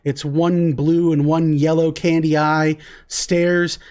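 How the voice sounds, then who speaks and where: A woman narrating as the game master of a tabletop game, describing scenes calmly and in detail. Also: sits low, slow pace.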